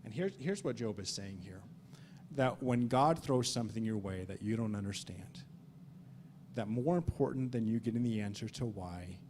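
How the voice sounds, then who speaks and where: A man teaches a Sunday school Bible study earnestly, often repeating and restarting words and reading scripture aloud in old-fashioned wording. His voice is fairly low and a little mellow, at a moderate pace, with slight background noise.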